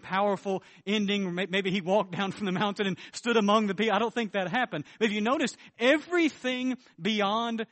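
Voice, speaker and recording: A man preaching a sermon as pastor, emphatic, swinging between loud declarations and low, earnest tones. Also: no room sound.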